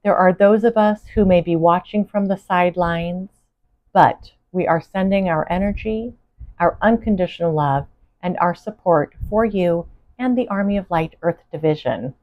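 Woman doing an alien being, exuberant, formal, effusive, lowish voice, dull lo-fi sound. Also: normal speed, close to an everyday voice.

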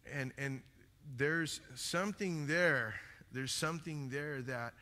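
A man preaching a sermon as pastor, talking loudly and passionately, acting out little stories as he goes. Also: mid-range voice, big-room sound. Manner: loud, passionate, animated storytelling. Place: church sanctuary.

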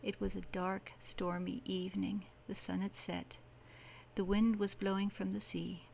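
A woman narrating a fairy tale audiobook as a bedtime story, with soft, even delivery. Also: medium pitch, measured pace, creaky, a little hiss or hum, low-quality recording.

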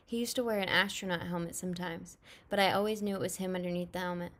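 A woman's voice: lowish voice, steady tone, fast talker, fairly bright tone. A woman reading first-person audiobook narration in a casual, chatty, youthful tone. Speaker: audiobook reader.

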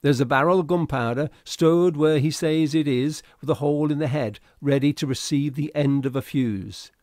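A man doing a loud, blunt chief mate. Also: on the high side, moderate pace, no room sound, studio quality, voice pushed up, close to an everyday voice. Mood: reporting.

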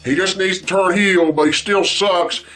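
Faint music plays behind a man whose high voice sounds pushed and bright, with fairly even intonation at a normal speed. As a vlog host, he speaks straight to his viewers in a blunt, repetitive, angry rant about wrestling, swearing heavily throughout.

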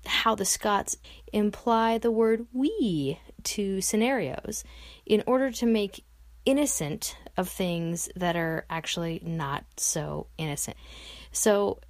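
A woman hosts a travel podcast and introduces the episode in an upbeat, deliberate way. Her voice is low and gravelly. The recording is dry and close. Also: dry recording. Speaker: podcast host.

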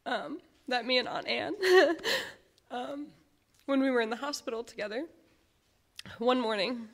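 A woman speaking as a granddaughter at a memorial service, telling personal stories about her grandfather in a heartfelt, halting way. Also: on the high side. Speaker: granddaughter giving a eulogy. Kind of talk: memorial tribute speech.

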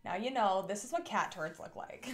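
A woman's voice: mid-range voice, moderate pace, slight background noise. A young woman co-hosting a casual snack-tasting vlog, playful and joking. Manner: playful, joking, sensory comments. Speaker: vlog co-host.

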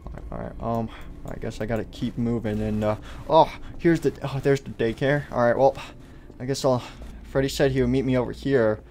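A man's voice: mid-range voice, steady tone, brisk, a little mellow, slight background noise. A man mumbling hesitantly through a game roleplay, full of ums and restarts. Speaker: roleplay youtuber playing the boy hero.

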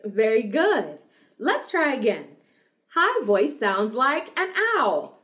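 A young woman teaching small children about singing, talking slowly and brightly, with lots of praise and sung examples. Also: sing-song, dull audio. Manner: warm praising, sings examples, owl hoots and drum booms. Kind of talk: slow, sing-song lesson for small children.

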